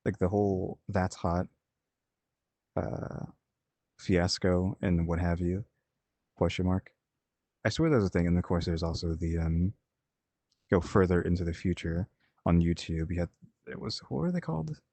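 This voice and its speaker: A man's voice: sits low, moderate pace, long pauses, dark tone, dry recording. A man hosting a reaction video, chatting casually and rambling as he thinks aloud. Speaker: reaction channel host.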